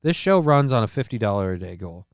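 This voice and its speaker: This fairly low-voiced man is very animated and talks fast, reading news aloud on his live-stream show and riffing on it with profanity and rambling asides. The sound is clean studio audio with no echo.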